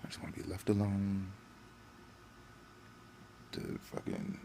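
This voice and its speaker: Low gravelly man ranting angrily. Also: fairly even intonation, slow, dark tone, slight background noise. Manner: profane, angry, blunt. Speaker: channel host. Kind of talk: heated vlog rant.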